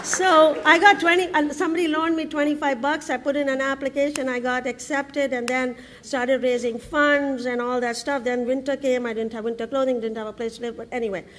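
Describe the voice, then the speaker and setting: A woman tells her story to a conference audience. She speaks in a fairly high voice, laughing often, breaking off and restarting her sentences. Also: fairly quick, hardly any pauses, a little hiss or hum. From India. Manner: lively, laughing, frequent restarts and fillers. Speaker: entrepreneur giving a conference talk. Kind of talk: humorous storytelling talk. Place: conference stage before an audience.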